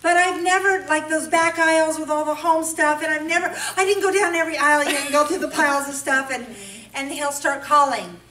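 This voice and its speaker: A woman from California giving a humorous, animated sermon at a women's breakfast. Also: high-pitched, fairly quick, few pauses, a little hiss or hum. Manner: animated storytelling, playful then earnest. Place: church event hall. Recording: echoey hall, mic at a distance, faint ambience.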